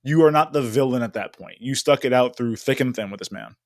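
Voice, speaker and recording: A man's voice: medium pitch, brisk, no echo, clean studio sound. Blunt man chatting as podcast guest. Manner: blunt, emphatic reactions. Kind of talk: casual chat.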